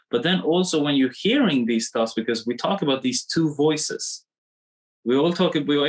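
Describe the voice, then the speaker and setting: A man coaching a live online webinar, animated and repetitive as he draws on screen, talking into a computer mic. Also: medium pitch, poor audio. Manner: animated, repeats himself, drawing on screen.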